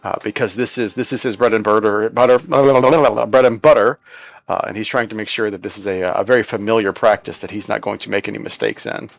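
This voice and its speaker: A man's voice: fairly low pitch, fairly even intonation, fast, creaky, dry recording, highs cut off. A man playing in a tabletop role-playing game, describing his character's actions in a loose way, playfully repeating himself. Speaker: player.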